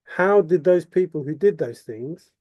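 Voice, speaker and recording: A man's voice: on the high side, lively intonation, a little slow, no room sound, dull audio. A man delivering an impassioned, repetitive monologue full of rhetorical questions. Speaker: vlogger.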